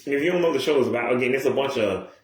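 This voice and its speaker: A man rambles to his viewers in a loose, profane monologue, jumping from one aside to the next and restarting his sentences. His voice sits at an ordinary middle pitch. The room gives it a noticeable echo. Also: very fast. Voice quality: profane, digressive, many restarts. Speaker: YouTuber. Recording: roomy echo.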